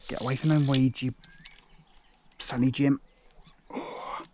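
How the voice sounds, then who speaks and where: A man's voice: medium pitch, unhurried, a little hiss or hum. Straining man narrating a carp fight. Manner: excited, breathless exclamations, muttered asides. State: straining, arm aching. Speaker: fishing vlogger. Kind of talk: live commentary while fishing. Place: outdoors by a lake.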